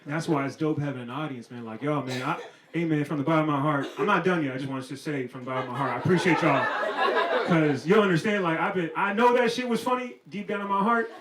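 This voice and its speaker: A man's voice: on the high side, fast, heavy background noise. A man from Maryland doing a stand-up comedy set on a club stage, talking in loose slang and laughing through his lines. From Maryland, United States. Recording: roomy club with loud crowd laughter. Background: audience laughter.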